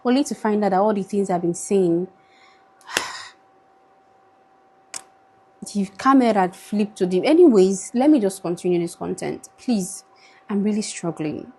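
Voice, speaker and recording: A woman's voice: mid-range voice, lively intonation, unhurried, pauses often, darkish tone, slight background noise. A young Nigerian woman with a Nigerian accent, pleading wearily into her phone camera in an emotional vlog, slipping into Pidgin now and then. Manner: pleading, weary, switches into Pidgin. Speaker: vlogger.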